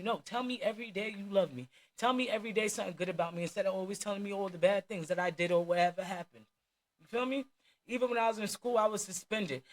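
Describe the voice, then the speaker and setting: A woman's voice: mid-range voice, a bit bright. A woman with a New Jersey accent telling her life story candidly, in blunt street slang with plenty of swearing.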